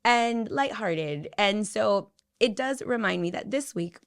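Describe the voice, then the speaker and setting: A woman in her thirties co-hosting a casual podcast chat, telling animated stories with quick asides. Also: medium pitch, creaky. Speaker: podcast co-host.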